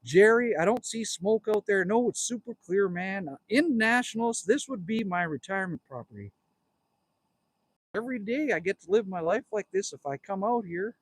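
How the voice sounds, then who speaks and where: A man's voice: high-pitched, lively intonation, moderate pace, no echo. Jokey Canadian man in his fifties. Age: 50s. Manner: rambling, jokey, talks straight to viewers. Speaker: livestream host. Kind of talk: casual livestream chat reading comments. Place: outdoors at a cabin.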